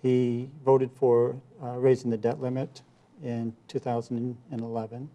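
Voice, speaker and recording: A man's voice: mid-range voice, level tone, measured pace, mellow. A man running for office, answering interview questions earnestly with campaign points and some restarts. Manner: earnest, repeats himself, campaign talking points. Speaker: congressional candidate, guest.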